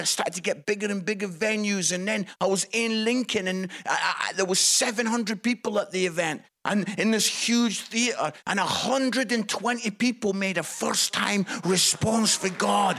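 A man, a Christian comedian, telling a story in an animated, exclamatory way. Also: sits high, vocal fry. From Scotland.

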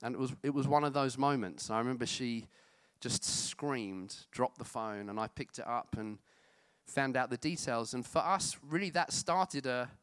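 A man's voice: mid-range voice, normal speed, fairly bright tone, clear, resonant tone, no room sound. A middle-aged man, preaching a sermon in a conversational, self-deprecating way with many fillers. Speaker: pastor.

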